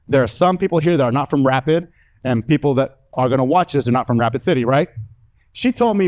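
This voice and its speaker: A young man from the American South with a Southern accent, doing a stand-up comedy set before a live audience with lively storytelling. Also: fairly high pitch, brisk. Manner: animated, lively storytelling with acted-out voices.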